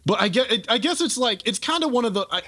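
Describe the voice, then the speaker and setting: A man's voice: very high voice, lively intonation, very fast, bright, forceful tone. A man co-hosting a podcast review, talking casually and rambling with many restarts. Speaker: podcast co-host.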